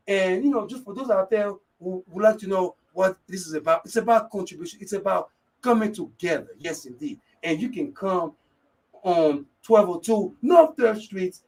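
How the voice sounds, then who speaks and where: A man hosting a live radio talk show, energetic and upbeat, giving shout-outs and often repeating the same catchphrase. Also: high voice, recorded from a distance, low-quality recording. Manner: energetic, keeps repeating "yes, indeed".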